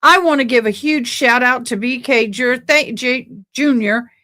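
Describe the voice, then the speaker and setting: A woman's voice: a little high, a little slow, sharp tone. A woman with a Texan accent, hosting a casual livestream and rambling as she thanks viewers. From born in Tennessee, raised in Texas. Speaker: livestream host.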